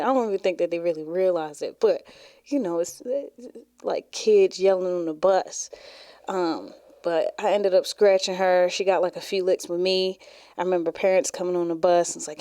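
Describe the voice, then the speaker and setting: A woman with a lowish, warm, mellow voice rambles through stories from her school days, dropping "like" every few words. She sounds close to the mic in a small, dry room. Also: steady tone, fairly quick, no room sound. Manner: chatty, rambling, many "like" fillers. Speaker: podcast host. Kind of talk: casual storytelling.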